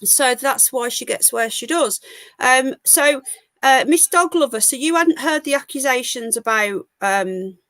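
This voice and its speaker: Greeting viewers and gossiping as she hosts a live call-in stream, an English woman speaks in a high, expressive voice. She's unhurried and a bit bright, and the recording is dry.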